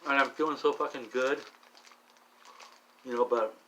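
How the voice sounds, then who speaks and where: A middle-aged man vlogging alone while high, rambling with many restarts and frequent swearing. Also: fairly even intonation, normal speed, a bit bright, highs cut off, a little hiss or hum. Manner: meandering, profane, restless restarts. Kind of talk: rambling solo monologue.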